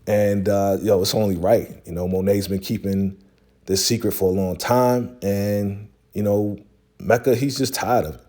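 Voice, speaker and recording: A man's voice: fairly low pitch, fairly even intonation, moderate pace, warm tone. Laid-back man recapping a TV episode. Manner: slangy, laid-back retelling with many fillers.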